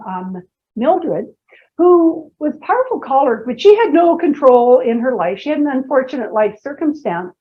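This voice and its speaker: High-voiced woman telling stories in a seminar. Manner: lively, anecdotal, playful asides to the audience. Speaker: presenter and personality trainer. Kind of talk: humorous storytelling seminar talk. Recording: dull lo-fi lecture recording.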